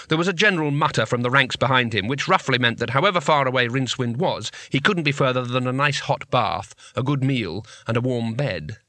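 Brief: male audiobook narrator, wry and measured, bright tone, dry booth sound. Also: medium pitch, no echo. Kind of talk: scripted narration.

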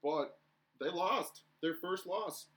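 A young man co-hosting a casual podcast chat, telling stories in an animated way and acting out the shouting. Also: sits high, slow. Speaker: podcast co-host.

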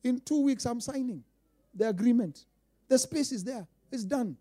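A Kenyan man preaching with a high, mellow voice. He drops into quiet asides, then rises to loud, emphatic declarations, and repeats his lines for weight. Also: moderate pace. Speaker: pastor. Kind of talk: sermon.

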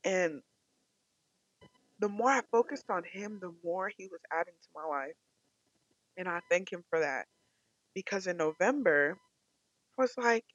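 A young woman from California sharing an emotional, animated personal faith testimony. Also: lowish voice, unhurried, long pauses, dry recording, muffled recording. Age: young adult. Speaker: testimony speaker.

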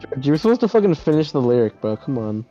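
Slangy young man, mellow voice. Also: medium pitch, fast, faint music behind. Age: young adult. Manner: slangy, swears freely, excitable. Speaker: podcast co-host. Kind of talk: casual chat. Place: home, on a voice call. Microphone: computer mic over a voice call. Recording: dull lo-fi call audio.

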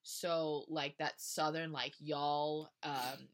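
A woman's voice: sits low, level tone, takes it slowly. A young woman co-hosting a podcast, joking about her old fan fiction and explaining things like a mock lesson. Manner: chatty and joking, explains things in a lecturing tone, laughs at herself. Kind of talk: casual chat.

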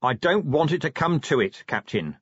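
A man's voice: on the high side, big pitch swings, normal speed, fairly bright tone, slightly rough, dry recording, voice pushed up, exaggerated voice. A man voicing an earnest, eager young watch captain. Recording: dull dry audiobook recording.

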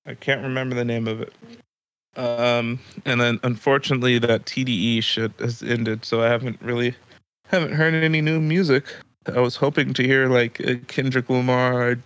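A man's voice: medium pitch, steady tone, normal speed, a bit bright, dry recording. A man co-hosting a casual comedy podcast, laughing often and swearing freely as he retells stories. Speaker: podcast co-host.

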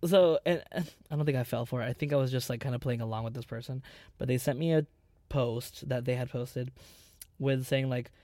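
A man in his twenties hosting a podcast, chatting casually in an animated, dramatic way with plenty of swearing. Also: medium pitch, fairly quick, dry recording. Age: 20s. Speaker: podcast host. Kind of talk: casual chat.

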